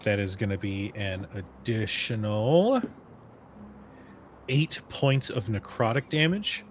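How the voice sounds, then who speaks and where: A man narrating as game master of a tabletop game, in a relaxed, measured way with fillers. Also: lowish voice, slight background noise.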